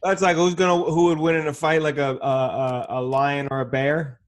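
A young man in a casual podcast chat, blunt and quick to swear. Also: fairly high pitch, flat delivery.

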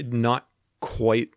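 A man co-hosting a podcast, chatting in a relaxed, agreeable way. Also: medium pitch, no room sound, studio quality. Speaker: podcast co-host. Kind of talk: casual chat.

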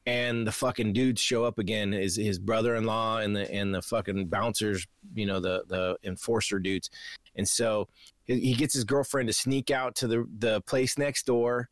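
A man's voice: fairly low pitch, moderate pace, no room sound. A man co-hosting a casual movie review chat, retelling the plot with heavy swearing and acting out his own reactions. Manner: animated, profane storytelling, acts out reactions. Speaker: podcast co-host.

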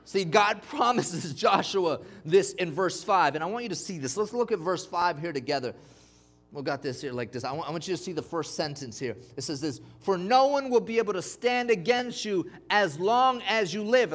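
A man's voice: sits high, animated, normal speed, a bit bright. A man preaching a sermon, emphatic, calling on the congregation to respond. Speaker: pastor.

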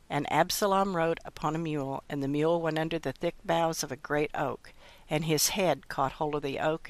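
A woman hosts a Bible podcast, reading scripture aloud and teaching in a measured, earnest voice. Her tone has a gravelly edge of vocal fry. The sound is close and dry, with no room echo. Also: low-pitched. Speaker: host.

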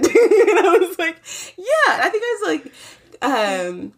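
A woman's voice: high voice, very animated, a little fast. A young woman in casual chat, telling her side of the story in a brash, profane way and laughing.

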